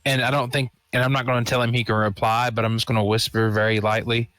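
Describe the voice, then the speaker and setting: A man's voice: mid-range voice, little pitch movement, fairly quick, fairly bright tone, smooth, no room sound. Eager man at the gaming table. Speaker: player. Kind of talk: casual table talk.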